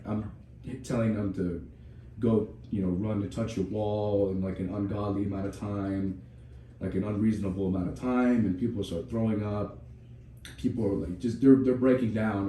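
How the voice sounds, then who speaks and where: A young man tells a personal story on a podcast, swearing freely and restarting his sentences often. His voice is low and very dark. He sits back from the mic in a strongly echoing room, with faint noise underneath. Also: far from the mic. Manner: candid, profane storytelling with many restarts. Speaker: podcast co-host.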